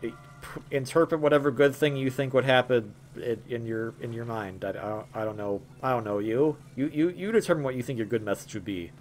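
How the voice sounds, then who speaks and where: A man's voice: mid-range voice, brisk, hardly any pauses, soft background music. A young man hosting a gameplay video, rambling in a jokey way with lots of stammers and restarts. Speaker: gaming video host. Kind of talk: casual gameplay commentary.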